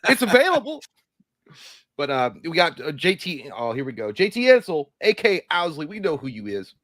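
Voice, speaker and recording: A man's voice: on the high side, very animated, brisk, fairly bright tone, no room sound. A man co-hosting a live movie stream, joking while he reads chat messages.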